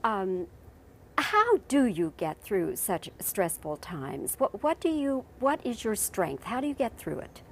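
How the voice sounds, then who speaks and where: A woman interviewing an actor, halting and friendly, with many fillers. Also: mid-range voice, big pitch swings. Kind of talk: press junket interview.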